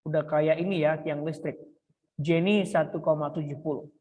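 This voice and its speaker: A man's voice: fairly high pitch, steady tone, brisk, a little mellow. Male teacher with an Indonesian accent, online lesson, coaxing and bilingual, echoey long-reverb sound. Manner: switches between English and Indonesian, coaxing questions to students. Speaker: English teacher. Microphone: video call.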